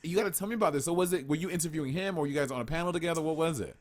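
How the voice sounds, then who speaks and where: A man co-hosting a podcast in casual chat, blunt, profane and excitable. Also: a little high, rapid-fire, crowd noise. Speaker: podcast co-host.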